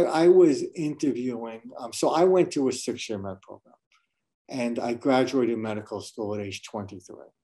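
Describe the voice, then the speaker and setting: A middle-aged man from New York City speaks as a medical school dean in a webinar interview. His voice is warm and mellow, and his manner is earnest and reflective, with frequent restarts. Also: mid-range voice.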